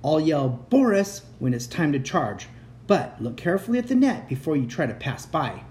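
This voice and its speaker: A man's voice: a little high, big pitch swings, moderate pace, a little mellow, a little hiss or hum. A man voicing a brave young boy who leads a dragon escape, giving urgent orders. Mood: commanding. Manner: urgent, commanding.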